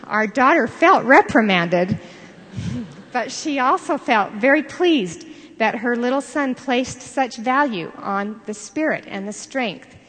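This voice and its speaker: Older lady preaching, earnest and measured, big hall reverb trailing off. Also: fairly high pitch, animated, fairly bright tone. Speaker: devotional speaker. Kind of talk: sermon. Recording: long reverb of a large hall.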